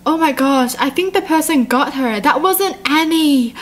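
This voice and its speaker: A woman with a high voice chats through a creepy text story in casual reaction commentary. She is excitable, gasps often and fills her talk with quick questions and fillers. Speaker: YouTuber reading a chat story.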